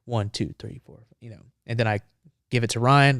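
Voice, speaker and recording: A man's voice: medium pitch, fairly even intonation, normal speed, smooth, no room sound, studio quality. A man, a former Marine, telling a story casually and animatedly on a podcast, acting out the dialogue.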